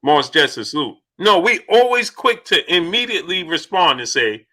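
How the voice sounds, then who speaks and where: A man hosting a casual live-stream chat, asking rhetorical questions and shouting out viewers by name. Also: on the high side, big pitch swings, moderate pace, hardly any pauses. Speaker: host.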